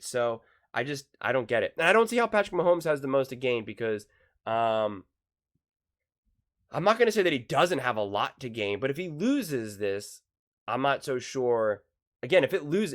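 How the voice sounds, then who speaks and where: Skeptical man rambling through a rebuttal. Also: medium pitch. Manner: skeptical, argumentative, rambling with fillers. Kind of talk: casual reaction commentary.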